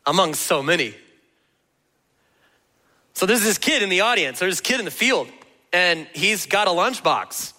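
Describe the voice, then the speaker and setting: A man preaching a sermon as pastor, telling the story in an animated, conversational way. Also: sits high, a little slow, pauses often, in a large hall. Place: church auditorium.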